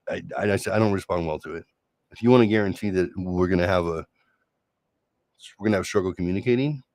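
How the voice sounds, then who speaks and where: Deep, sarcastic man musing late at night. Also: creaky, a little mellow, no room sound. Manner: sarcastic, reflective, halting with restarts. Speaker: solo show host. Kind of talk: late-night personal monologue.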